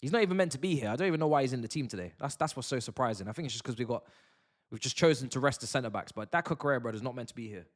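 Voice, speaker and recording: A man's voice: mid-range voice, lively intonation, rapid-fire. A young man chatting through a live football watch-along, full of slang and banter with his chat.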